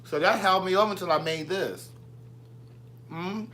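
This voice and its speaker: Man, bright forceful voice, pitched a touch high, easygoing vlogger chatter with viewers. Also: moderate pace. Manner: chatty, playful, answers viewer comments. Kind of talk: casual live chat with viewers. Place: home kitchen.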